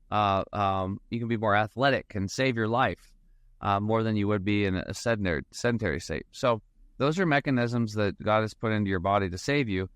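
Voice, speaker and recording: On a casual podcast, a financial advisor guest rambles through stories and acts out lines of dialogue in a low, smooth, fairly bright voice. The sound is clean studio quality without echo.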